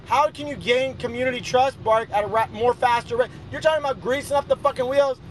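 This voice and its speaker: A man's voice: very high-pitched, brisk, slight background noise. A man boasting and ranting profanely in a casual chat. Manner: brash, boastful, rambling rants.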